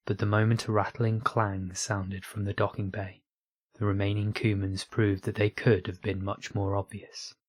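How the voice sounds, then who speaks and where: A man narrating a science fiction story aloud in a steady, unhurried reading voice. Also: lowish voice, no echo. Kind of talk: audiobook reading of online fiction.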